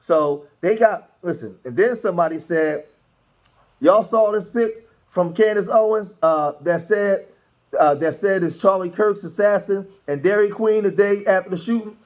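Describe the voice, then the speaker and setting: A man's voice: high voice, normal speed, a little mellow. A man hosting political commentary, talking loosely with many restarts and reading posts aloud. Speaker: commentary host.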